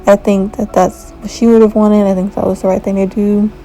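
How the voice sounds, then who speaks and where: A woman's voice: mid-range voice, level tone, brisk, warm tone, soft background music, low-quality recording. A woman giving a frank, opinionated review in a casual rant, often exasperated. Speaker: video reviewer.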